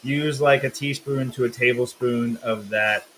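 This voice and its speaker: A man's voice: mid-range voice, fairly even intonation, a little slow, fairly bright tone, slight background noise, poor audio. A man hosting a live cooking stream, explaining steps and teasing his co-host in a casual, joking way. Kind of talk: casual live cook-along chat.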